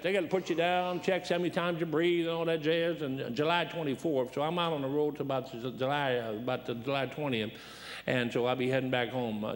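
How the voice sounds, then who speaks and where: A man in his seventies, a guest preacher, telling rambling, humorous personal stories during a sermon. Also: mid-range voice. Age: 70s. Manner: folksy, rambling, humorous storyteller. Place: church sanctuary. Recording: reverberant church hall.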